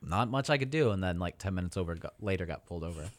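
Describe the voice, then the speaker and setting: A man in casual chat, relaxed and chatty, telling an anecdote. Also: low voice, racing, dry recording.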